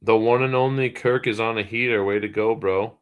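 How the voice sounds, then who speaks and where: A man with a low, deep voice chats casually on a livestream. He rambles along easily, with plenty of ums and you-knows. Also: steady tone, brisk, smooth, narrow, tinny audio. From Boston area, US. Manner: easygoing, rambling, many fillers. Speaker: livestream co-host.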